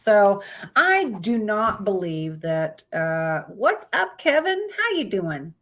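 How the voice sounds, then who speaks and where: A woman's voice: mid-range voice, big pitch swings, slow, fairly bright tone. A woman hosting a casual live stream, greeting viewers by name and reading out topics aloud with stumbles and blunt asides.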